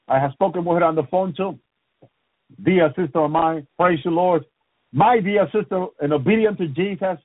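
A man preaches a fervent, repetitive sermon in a husky, high-pitched voice. He keeps circling back to prayerful refrains, and the sound is dry and narrow, like a phone line on the radio. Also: dry recording. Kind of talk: impassioned sermon on a radio program.

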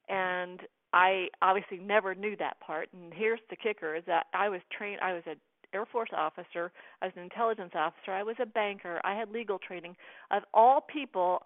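A woman's voice: medium pitch, moderate pace, dry recording. A middle-aged American woman telling a personal story as an interview guest, earnestly acting out the dialogue she quotes. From United States. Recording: tinny phone line.

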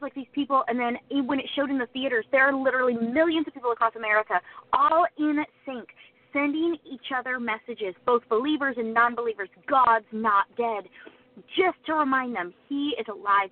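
Co-hosting a casual faith podcast, a woman chats away, wordy and fond of long stories. She has a high voice and talks fast, captured in a dry recording with a tinny, phone-like sound.

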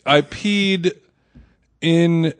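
A man's voice: fairly high pitch, very slow, clear, resonant tone, no room sound. Laid-back man telling rambling stories. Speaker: podcast co-host. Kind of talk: casual chat.

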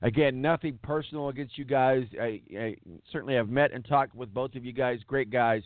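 A man's voice: mid-range voice, steady tone, brisk, dry recording. A man hosting a sports talk show, ranting bluntly and hammering words for emphasis. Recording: tinny phone-like dry sound.

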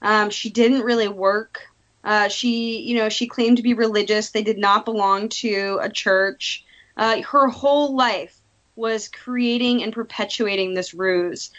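A woman's voice: medium pitch, steady tone, unhurried, fairly bright tone, highs cut off. A woman guest, a documentary filmmaker, telling a story in a casual interview with hesitant restarts.

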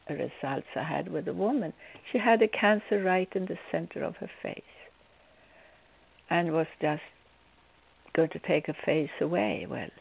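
A woman's voice: low voice, creaky, slightly rough. A woman spiritual healer giving an inspirational talk, telling stories theatrically and with humor. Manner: theatrical, acts out scenes with humor. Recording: tinny phone-like, dry sound.

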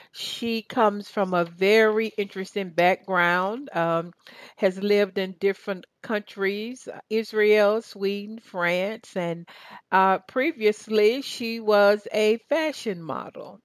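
A woman's voice: mid-range voice, slow pace, no room sound. A woman with a Southern US accent hosting a radio talk show, chatty and upbeat, with plenty of fillers. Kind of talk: casual radio interview.

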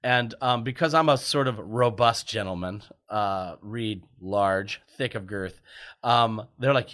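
A man's voice: lowish voice, slow pace, a bit bright. Chatty man telling stories, laughing. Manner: chatty, laughs often, self-deprecating. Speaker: guest, TV writer. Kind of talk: casual storytelling.

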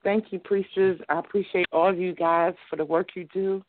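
A woman from Baltimore calling into a show, overwhelmed and excited, rambling and near tears. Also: fairly low pitch, normal speed. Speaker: caller. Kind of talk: call-in conversation. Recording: dry, tinny phone line.

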